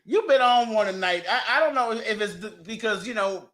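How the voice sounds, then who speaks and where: A woman hosting a podcast, trading raunchy banter with loud laughs and teasing. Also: fairly high pitch, moderate pace. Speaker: podcast host.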